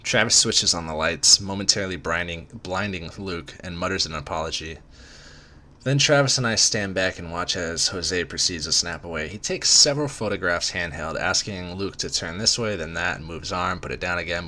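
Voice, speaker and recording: A man's voice: low-pitched, sharp tone. A man reading a parody romance story aloud, casual and self-mocking, with comic asides.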